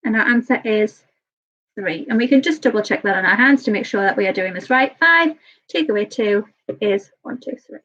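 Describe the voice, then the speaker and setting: Here a woman with a mid-range, slightly bright voice and lively intonation teaches maths live online to young children. She works in early years education and comes across as patient, a little nervous and fast-talking, repeating "okay?" frequently. It's a slightly dull lo-fi recording.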